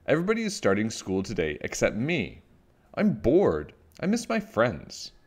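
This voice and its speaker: A man doing a high little girl witch. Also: wildly swooping pitch, normal speed. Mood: pleading. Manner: high, pleading child voice. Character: small cheerful girl witch, kind and eager.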